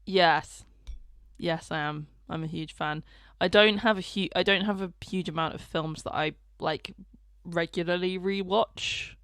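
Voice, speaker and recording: Podcast lady chatting about films, kinda fry-ish voice, laid back, dry sound. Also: on the low side, steady tone, a little slow, a bit bright, no room sound. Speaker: podcast co-host. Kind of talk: casual chat.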